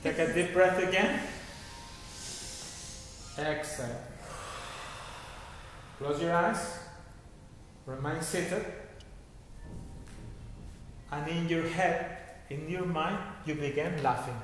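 A man's voice: a little high, slow, pauses often. Man guiding a laughter meditation, echoey hall. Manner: instructive, checks in with repeated "okay?". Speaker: yoga teacher. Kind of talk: guided laughter meditation class. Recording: echoey hall with faint noise.

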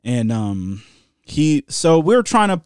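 A man's voice: on the high side, very animated, slow, clear, resonant tone, dry recording, clean studio sound. A man casually telling a long story on a podcast, swearing and laughing along as he goes. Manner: laid-back storyteller, swears, laughs at his own stories. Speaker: podcast co-host.

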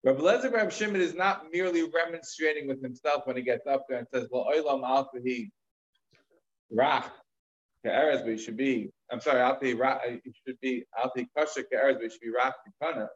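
A man's voice: mid-range voice, fast, hardly any pauses, highs cut off. A man teaching a Talmud lecture, retelling a story in a conversational way with casual fillers and asides. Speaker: rabbi teaching.

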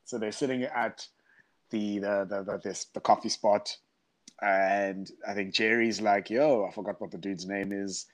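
A man with a South African accent, a podcast guest, talking in casual chat, hesitant and halting with fillers. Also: lowish voice, steady tone.

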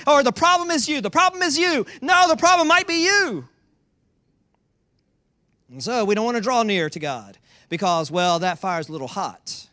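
High, bright-voiced preaching man. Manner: emphatic, repetitive preaching with rhetorical questions. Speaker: pastor. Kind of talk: sermon. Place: church in Georgia.

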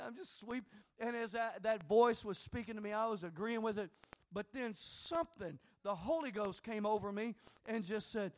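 A middle-aged man, a pastor, telling a personal story in a sermon with animated, conversational preaching. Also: high voice, normal speed.

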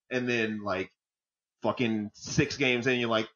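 On a football podcast recorded in dull, lo-fi sound, a male co-host and football fan chats in a joking, casual way, cursing openly and wandering off between points. His voice is medium in pitch and fairly bright, at a normal speed.

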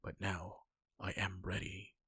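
A man's voice: sits low, level tone, slow pace, pushed and bright, slightly rough, no room sound, clean studio sound, full character voice. Man voicing a pleading young woman. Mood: insistent.

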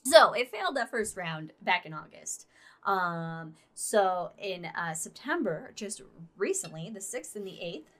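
A woman's voice: lowish voice, big pitch swings, measured pace, fairly bright tone. A woman co-hosting a casual podcast, rambling with frequent fillers and laughter. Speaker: podcast co-host. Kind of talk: casual chat.

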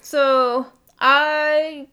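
A woman's voice: high-pitched, level tone, extremely slow, bright, forceful tone. A woman co-hosting a podcast in casual chat, upbeat, with lots of ums and little cheers. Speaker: podcast co-host.

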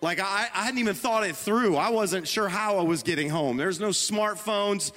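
A middle-aged male pastor with a fairly high voice tells a story in a sermon, joking at his own expense and turning to the congregation as he talks. His voice rings out with a long reverb, as in a large hall. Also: normal speed, fairly bright tone. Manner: storytelling, self-deprecating humor, addresses the congregation and his wife.

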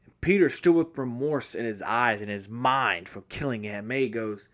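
A man with a mid-range voice talks at a moderate pace, casually recapping a movie from memory on his podcast. He rambles with frequent restarts and self-corrections, excitable yet apologizing at times for hopping between points.

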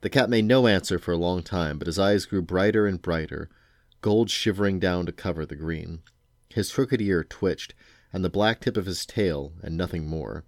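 Father reading bedtime story, low voice, dry close sound, unhurried. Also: dry recording. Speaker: father reading to his sons. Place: home.

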